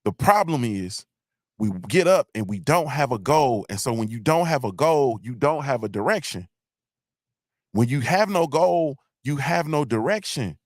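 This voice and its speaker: On a live morning show, a man with an animated, mid-range voice talks at a moderate pace, casual and motivational in tone. The recording is dry and clean; he's emphatic and blunt, swears freely, repeats points, and keeps asking listeners "you feel me?".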